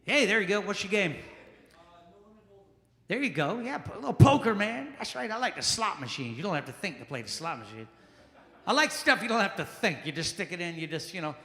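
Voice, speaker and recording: A man from Charleston doing a loud, punchy stand-up set and working the crowd in a small jazz club. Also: sits high, sing-song, brisk. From Charleston, South Carolina. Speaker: stand-up comedian. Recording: echoey club room with long reverb.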